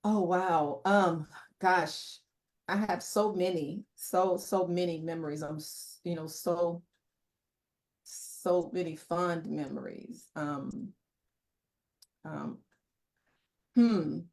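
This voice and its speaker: A woman's voice: fairly low pitch, fairly even intonation, takes it slowly, long pauses. Reflective middle-aged woman telling a story. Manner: reflective, warm storytelling with many fillers. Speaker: guest. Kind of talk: conversational interview testimony.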